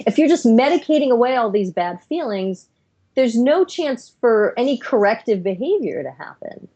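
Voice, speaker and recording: A woman's voice: medium pitch, animated, normal speed, darkish tone, dull audio. A middle-aged woman, a psychiatrist guest on a podcast interview, explaining her views earnestly in long, flowing runs.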